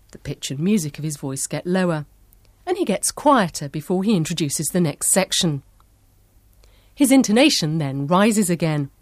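Female presenter, lowish voice with lively intonation, clear measured scripted narration. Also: no echo. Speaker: programme presenter.

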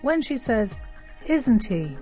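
Measured woman explaining grammar over soft music. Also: fairly high pitch, very animated. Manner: clear and measured. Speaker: grammar expert.

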